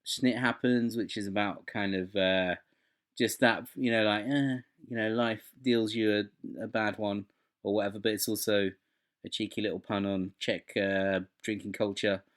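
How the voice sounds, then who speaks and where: A low-voiced man co-hosts a relaxed podcast. He talks with eager enthusiasm and wanders through his points, piling up side remarks as he goes. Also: moderate pace. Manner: enthusiastic, rambling. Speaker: podcast co-host. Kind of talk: casual chat.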